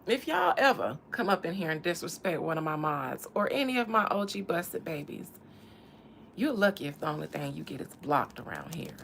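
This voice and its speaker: A woman's voice: on the low side, big pitch swings, moderate pace, creaky, a bit bright, a little hiss or hum. A woman from the American South with a Southern accent, hosting a casual tarot reading and talking in a sassy, teasing drawl. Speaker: tarot reader and channel host.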